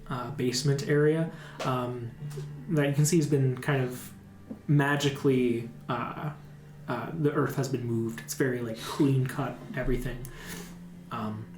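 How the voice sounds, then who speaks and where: A man's voice: medium pitch, background noise. A man running a tabletop game as dungeon master, narrating in a rambling way full of ums and likes. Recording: echoey room, music behind.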